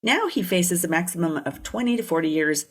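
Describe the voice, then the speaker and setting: A woman's voice: lowish voice, expressive, fairly quick, husky. A woman co-hosting a true crime podcast, telling a case in casual chat with blunt, sarcastic asides. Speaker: podcast co-host.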